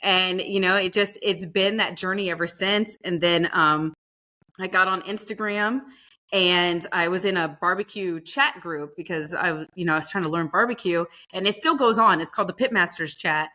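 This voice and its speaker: A woman who is a barbecue pitmaster, telling stories in a casual, lively way in a podcast interview and acting out the voices of others. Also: fairly low pitch, normal speed. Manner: lively storyteller, acts out quoted voices; casual, fillers like "like" and "you know".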